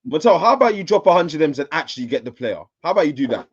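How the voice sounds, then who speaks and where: Teasing guy, wild pitch swings. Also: sing-song, rapid-fire, breathy edge, dull audio. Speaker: football podcast co-host. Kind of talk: heated casual banter.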